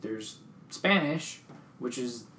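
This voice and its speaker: A young American man in an easygoing chat with friends, spinning a story and jumping into other people's voices as he quotes them. His voice sits at a middle pitch and rings a little in a roomy space, with a faint hiss behind it. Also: takes it slowly. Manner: animated storyteller, acts out quotes, swears casually. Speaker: friend in casual conversation. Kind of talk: casual chat among friends. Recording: roomy echo with faint background noise.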